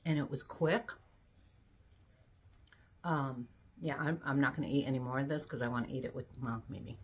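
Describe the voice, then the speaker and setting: A woman's voice: extremely low pitch, normal speed, husky. A woman from Georgia, chatting folksily to her viewers in her home kitchen. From Georgia, USA. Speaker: home cooking vlogger. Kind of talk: casual chatty cooking video.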